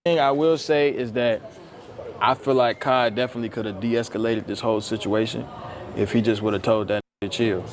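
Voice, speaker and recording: Young man joking loudly outdoors. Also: medium pitch, fairly even intonation, a little fast. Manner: loud, joking, trash-talking. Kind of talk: casual live-stream talk. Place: outdoors in a city. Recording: outdoor street noise with traffic.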